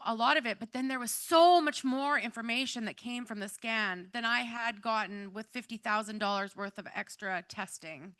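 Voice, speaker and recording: A woman's voice: a little high, bright, forceful tone, clear, resonant tone, no room sound. A middle-aged woman giving an emotional personal testimony to a live audience, earnest and rambling with many fillers. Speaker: event speaker giving a testimonial.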